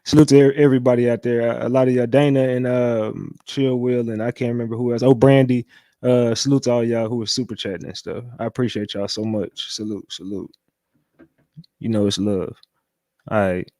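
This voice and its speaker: A man's voice: medium pitch, level tone, brisk, no echo. Chatty man hosting a livestream. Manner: loose and chatty, repeats catchphrases, shouts out viewers. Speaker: livestream host. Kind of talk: casual livestream commentary.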